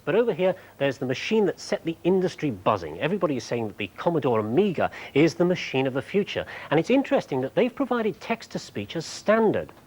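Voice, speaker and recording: A man presenting a TV show, explaining technology clearly with a light humorous touch in a studio. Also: fairly high pitch, low-quality recording.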